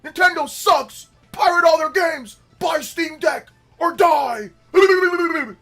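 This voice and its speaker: A livestream host doing a mocking impression of a loud, insulting male gaming fanboy. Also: very high-pitched, slow pace, soft background music, pitched above the performer's own voice, exaggerated voice. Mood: mocking, shrill. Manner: loud mocking shouts with laughs.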